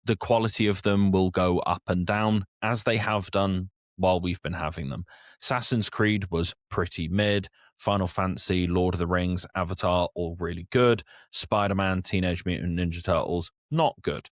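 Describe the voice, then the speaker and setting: A man's voice: low-pitched, steady tone, moderate pace, dry recording, clean studio sound. A man co-hosting a casual podcast, talking in an opinionated, conversational way. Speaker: podcast co-host.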